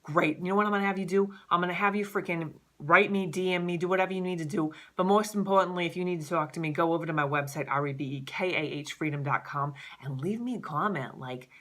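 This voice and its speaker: A woman in her thirties talking straight to camera in a casual vlog as a life coach, animated and profane, peppering her talk with "like". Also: fairly low pitch, fast, few pauses. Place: Southern California.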